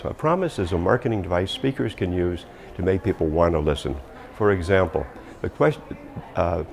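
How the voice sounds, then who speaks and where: Male communication coach, very low and gravelly, emphatic, firm downward endings, faint hiss behind. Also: darkish tone. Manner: emphatic, drops pitch firmly on endings. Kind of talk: instructional talk.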